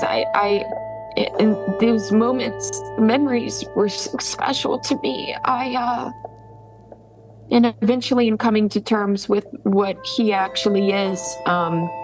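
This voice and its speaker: A woman in tears, telling a painful personal story in halting speech full of pauses and restarts. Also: mid-range voice, poor audio. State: crying. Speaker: interviewee telling her story. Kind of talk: emotional personal testimony.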